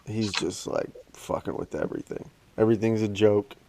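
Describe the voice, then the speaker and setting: A man's voice: on the low side, normal speed, gravelly, mellow. A man in his thirties co-hosting a casual podcast, laid-back and swearing freely, laughing often as he chats. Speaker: podcast co-host. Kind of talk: casual chat. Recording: noticeable background noise.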